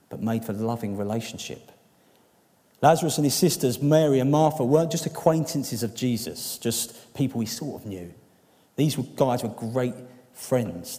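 Earnest preacher in a reverberant hall. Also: male voice, mid-range voice. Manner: earnest, building to emphatic peaks then softening to quiet, intimate appeals. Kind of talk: sermon. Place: church hall.

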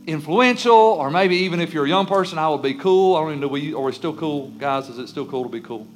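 Pastor guy preaching in a church, kinda high voice, soft music under him. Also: lively intonation, fast talker. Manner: emphatic preaching, acting out congregants' and kids' voices. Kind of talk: sermon. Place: church sanctuary.

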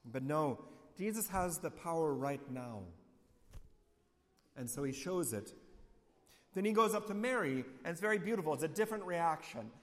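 A man, a priest, giving a reflective homily, often dropping quiet and low on key lines. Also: animated, normal speed, long pauses, big-room sound.

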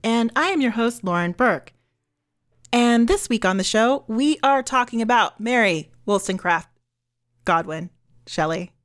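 Co-hosting a podcast, a woman chats casually in a fairly high, expressive voice at a measured pace. She's chatty and giggly, with lots of ums throughout.

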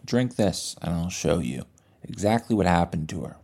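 A man voicing a calm, menacing male abductor in a retold film scene, speaking in a quiet, coaxing way. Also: deep voice, normal speed.

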